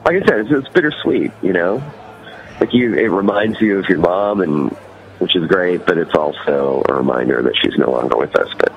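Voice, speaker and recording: A man's voice: low voice, expressive, normal speed, lo-fi sound, a little hiss or hum. A man with a Californian accent, a guest musician chatting casually and rambling in an interview. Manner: rambling, full of "you know" and "like".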